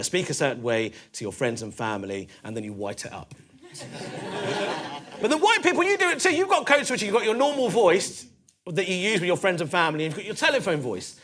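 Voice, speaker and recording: A male stand-up comedian telling stories in a comedy club, animated and punchy, swearing freely. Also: a little high.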